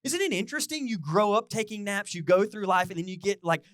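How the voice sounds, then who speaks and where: A middle-aged male pastor preaches in a loose, chatty way, often turning to his listeners with questions. His voice sits a little high for a man and swings widely in pitch. The sound is dry and close, with little room echo. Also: fast. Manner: animated, chatty, asks the crowd questions. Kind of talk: conversational sermon.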